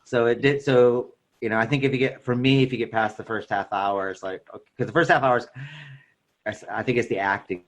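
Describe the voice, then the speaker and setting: A man's voice: medium pitch, fairly even intonation, brisk. A man co-hosting a podcast, giving his opinions on films in a rambling, hesitant way with chuckles. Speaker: podcast co-host. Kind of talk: casual chat about films.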